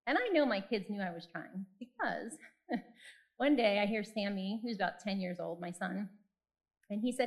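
A woman's voice: mid-range voice, expressive, normal speed, rough recording. A woman in her forties giving a personal faith talk, candid and self-deprecating as she tells stories from her own life. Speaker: speaker.

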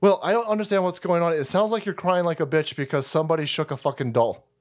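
Foul-mouthed, high-pitched ranting man. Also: fast. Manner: foul-mouthed, mocking, laughs often. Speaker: livestream host. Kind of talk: profane livestream rant.

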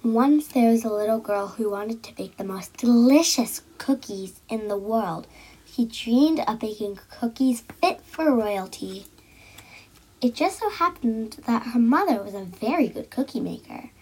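Brief: woman storyteller for kids, slightly high, breathy, animated read-aloud. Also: rough recording. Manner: lively, acted character voices with frequent soft whispered asides. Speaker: storyteller reading a children's book.

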